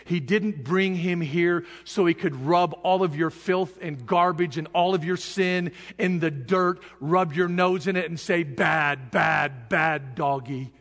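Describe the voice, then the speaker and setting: A man preaching a sermon with passion, building up to shouted peaks. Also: high-pitched, steady tone, a little slow, few pauses, big-room sound.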